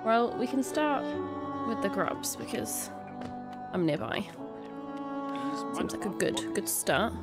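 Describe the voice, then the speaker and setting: A young woman, chatting casually while she plays a video game, giggly and quick to swear when excited. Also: mid-range voice, over loud music. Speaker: gaming video creator. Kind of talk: casual let's-play commentary.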